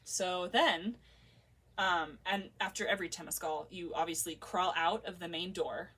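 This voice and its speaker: A woman's voice: fairly low pitch, normal speed, a bit bright, husky, far from the mic. A woman vlogger telling a personal story in a casual, emotional, heartfelt way, full of filler words.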